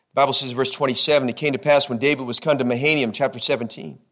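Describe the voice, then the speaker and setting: A man's voice: mid-range voice, fairly bright tone. A man preaching a sermon as pastor, emphatic, stretching out scripture lists and repeating words as he builds each point.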